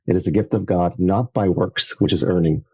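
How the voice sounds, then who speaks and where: Middle-aged canadian guy, low dark voice, kinda muffled audio, chatty storyteller. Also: moderate pace, husky. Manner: animated storyteller, acts out voices. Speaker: podcast guest, evangelist turned entrepreneur. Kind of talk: casual storytelling interview.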